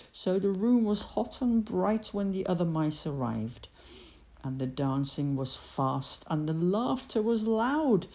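A woman reading a storybook aloud with expressive, gentle storytelling. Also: lowish voice, gravelly.

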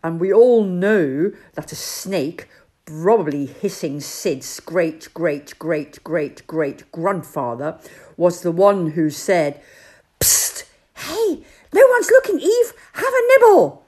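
A woman voicing a reckless, cheeky male rat in a storybook, quick with a joke. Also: lowish voice, sing-song, a little mellow, exaggerated voice.

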